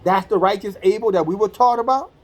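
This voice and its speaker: A man's voice: high voice, fast. A man preaching an informal sermon, reading scripture aloud and breaking into blunt, profane street-talk commentary that acts out the quoted voices. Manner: acts out quoted speech in a conversational voice.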